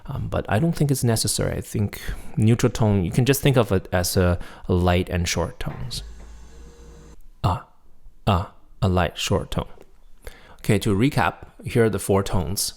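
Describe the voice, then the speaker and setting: A man's voice: fairly low pitch, normal speed, creaky, a little mellow. A man teaching a pronunciation lesson, demonstrating sounds and checking in with the listener often. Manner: demonstrates tones, checks in with "right?" and "okay?". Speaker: Chinese teacher.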